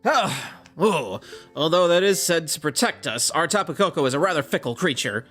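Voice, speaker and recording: A man voicing a dignified older island chief, speaking in a measured, dutiful way. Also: fairly high pitch, lively intonation, a bit bright, soft background music, pitched above the performer's own voice. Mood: proud.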